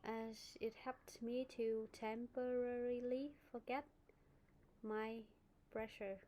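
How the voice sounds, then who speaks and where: A woman's voice: a little high, level tone, takes it slowly, mellow, a little hiss or hum. A woman with a Vietnamese accent teaching an online English speaking lesson, giving feedback and modelling pronunciation.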